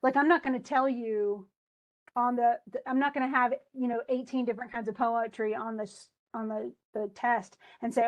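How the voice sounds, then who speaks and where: A woman teaching a class, talking in a loose, conversational way full of restarts and asides. Her voice sits a little higher than most. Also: fairly even intonation, normal speed, muffled recording. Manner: chatty, with many restarts and asides. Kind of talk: recorded class lecture.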